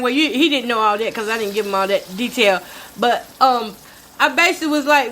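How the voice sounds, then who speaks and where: Chatty older woman, high voice. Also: lively intonation, brisk, a bit bright. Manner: chatty, emphatic, addresses listeners as y'all. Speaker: show host. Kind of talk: casual storytelling vlog. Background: talks while cooking.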